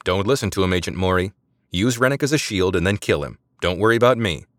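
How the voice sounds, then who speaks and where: Man doing a fearless agent, calm and defiant, low dry audiobook voice. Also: normal speed, no echo. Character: fearless, grinning male agent hostage.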